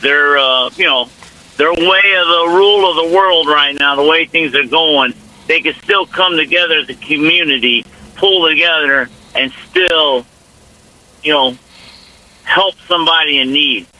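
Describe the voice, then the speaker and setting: A man's voice: fairly high pitch, a little slow, pushed and bright, low-quality recording. A man calling into a radio show, folksy and chummy, with a Northwest Indiana accent. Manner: folksy, chummy, calls people man and brother. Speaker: caller. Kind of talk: casual phone-in chat.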